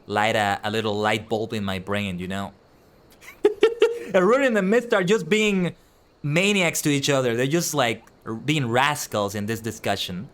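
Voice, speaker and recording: A man streaming live, chatting casually with his viewers and reading their messages aloud as he answers them. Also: mid-range voice. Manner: animated, reads and answers chat aloud.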